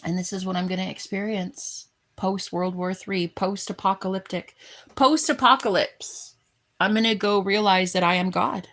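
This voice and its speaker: A woman talking in a heartfelt, rambling vlog, full of halting restarts. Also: mid-range voice, fairly even intonation, a bit bright. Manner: earnest and effusive. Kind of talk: emotional personal vlog.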